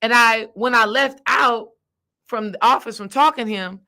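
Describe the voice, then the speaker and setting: A woman with a bright, forceful voice tells a personal story in a relaxed monologue. She talks straight to her listeners with emphasis and acts out the dialogue as she goes. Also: a little high, normal speed. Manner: animated, acts out quoted dialogue; emphatic, addresses listeners directly. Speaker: spiritual coach.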